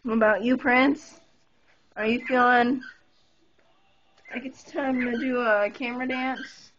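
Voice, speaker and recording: A woman's voice: on the high side, fairly even intonation, slow pace, a bit bright, soft background music. A woman talking in a coaxing sing-song to her pet birds at home, recorded on a camera phone. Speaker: pet bird owner. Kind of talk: casual home video talk to pet birds. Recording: dull lo-fi phone recording with faint hiss.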